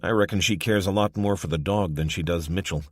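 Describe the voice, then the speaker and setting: A weary survivor answers in low, dry, clipped remarks, as a male narrator plays him close to his own voice. The recording is dry and intimate. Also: a little fast, dry recording. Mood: laconic. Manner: laconic, dry.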